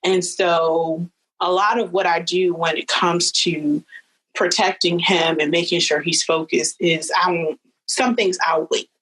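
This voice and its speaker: A woman in her thirties telling a personal story as a podcast guest, animated, with high leaps when she quotes people. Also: unhurried, husky, rough recording. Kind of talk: storytelling in casual chat.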